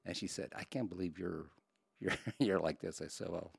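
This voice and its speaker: A man's voice: deep voice, steady tone, moderate pace, vocal fry, slightly rough, no echo, studio quality. An older man co-hosting a podcast, chatting casually and joking with frequent laughs. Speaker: podcast co-host. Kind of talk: casual chat.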